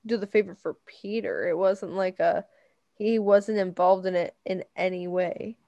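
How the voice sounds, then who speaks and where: A woman's voice: mid-range voice, steady tone, a little slow, mellow, lo-fi sound. A young woman co-hosting a podcast, adding blunt, dry comments in casual chat. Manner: blunt, dry asides with swearing. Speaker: podcast co-host.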